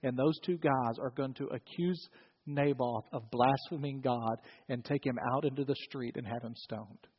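A man preaching a sermon, telling a story with animated delivery and acting out the characters. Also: mid-range voice, moderate pace, slightly rough, long reverb tail, muffled recording. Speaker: pastor.

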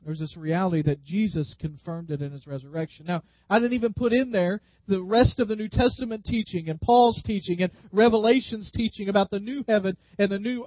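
A man's voice: sits high, no room sound. A man preaching a sermon as a pastor, leading the congregation in call-and-response and drawing words out for emphasis. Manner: slows down and stretches words for emphasis. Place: church. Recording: dull, slightly lo-fi dry sound.

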